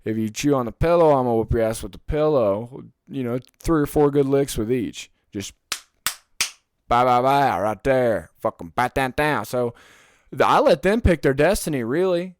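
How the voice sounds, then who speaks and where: A young man hosting a podcast alone, rambling in casual chat, swearing often and getting loud and heated when he rants. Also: mid-range voice, lively intonation, normal speed, clear, resonant tone, no room sound. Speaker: podcast host.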